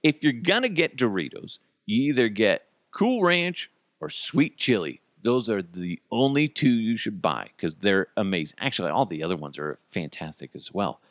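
A man's voice: on the low side, moderate pace, hardly any pauses, dry recording. A man hosting a podcast, ranting in a profane, mocking, comedic way. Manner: swears constantly, animated and mocking. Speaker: podcast host.

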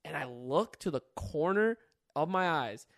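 A young man hosting a casual chat and telling a story in an animated way, full of fillers and swearing. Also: fairly high pitch, a little slow. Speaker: YouTuber host.

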